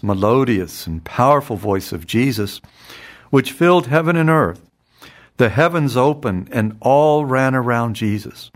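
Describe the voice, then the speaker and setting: A man reading a devotional text aloud and explaining it in an earnest, measured way, often repeating phrases. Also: mid-range voice. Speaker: spiritual teacher.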